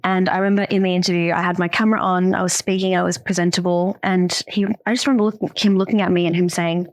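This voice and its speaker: Animated young Australian woman. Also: on the low side, quick pace, dry recording. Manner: storytelling, animated, with many restarts and fillers. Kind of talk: casual podcast chat.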